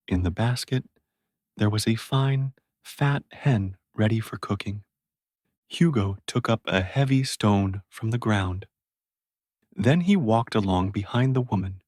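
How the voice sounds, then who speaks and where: A man narrating a classic story for English learners. His voice is low and husky, and he reads at a slow, careful pace. The recording is close and dry. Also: a little mellow, no room sound.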